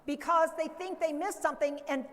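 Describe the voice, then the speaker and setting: A woman educator walks a conference audience through a hands-on exercise, coaxing them along in a lively way. Her voice sits a bit high. The sound carries a long reverb from a large hall. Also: brisk. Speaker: dementia care educator. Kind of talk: conference workshop talk.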